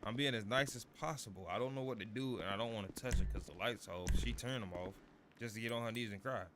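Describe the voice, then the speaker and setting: A man's voice: on the low side, fast, noisy background. A man in his thirties telling a long, rambling story while streaming a game, constantly asking "you feel me". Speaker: gaming streamer. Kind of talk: casual storytelling over gameplay.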